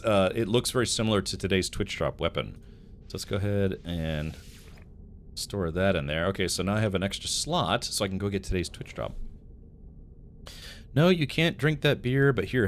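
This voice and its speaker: Speaking in a low register, this man livestreams a game with a slight background hiss or hum. He addresses his chat directly, wandering through long stories and laughing frequently.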